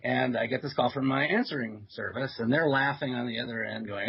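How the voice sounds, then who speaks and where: A man guesting on a talk radio show, telling stories in a loose, chatty way full of ums and uhs. His voice is husky and sits at an ordinary pitch. The audio is dull and lo-fi. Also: fast, hardly any pauses. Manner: chatty storyteller with many fillers and soft laughs. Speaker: psychiatrist guest. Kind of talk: radio interview anecdote.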